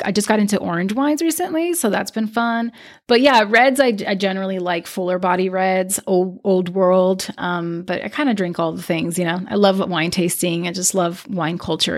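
A woman's voice: lowish voice, normal speed. A woman hosting her podcast, talking in a chatty, effusive way with lots of filler words. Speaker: podcast host. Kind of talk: casual podcast chat.

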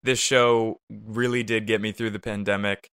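A man co-hosting a podcast, talking earnestly and reflectively in loose conversation. His voice is bright and crisp, recorded dry and close. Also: on the low side, flat delivery, moderate pace, dry recording. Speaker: podcast co-host. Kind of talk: casual chat.

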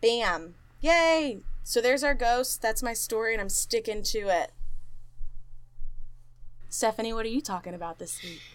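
With a fairly high-pitched voice and a slightly slow delivery, a female podcast co-host animatedly recounts a haunted-place story. She's casual, fills her speech with fillers, and acts out the quotes.

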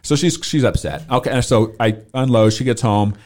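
A man's voice: medium pitch, fairly quick, darkish tone. A middle-aged man telling a story on a talk show, acting out his own quoted lines with lots of energy. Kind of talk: animated storytelling.

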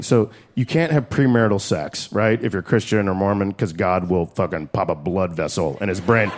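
A man doing a stand-up set in a comedy club, loud and profane, riffing fast and shouting his punchlines. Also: on the low side. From United States. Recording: live club recording with crowd noise. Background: audience laughter and club noise.

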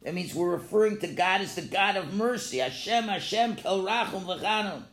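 A man giving a Torah class lecture, animated, calling out his examples loudly. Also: high voice, normal speed. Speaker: Torah teacher. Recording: echoey room.

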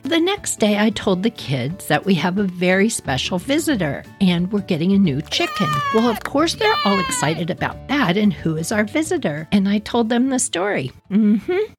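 Podcast host, woman, animated casual storyteller over soft music. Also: medium pitch, normal speed. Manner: animated, amused, jumps into quoted voices.

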